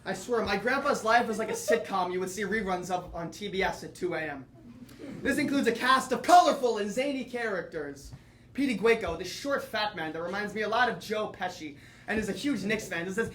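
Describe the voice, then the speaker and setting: A teenage boy performing a solo comedy monologue, telling lively comic stories with asides to the audience. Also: high voice, normal speed, roomy sound, a little hiss or hum. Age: teens. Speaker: student performer. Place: theatre or classroom with audience.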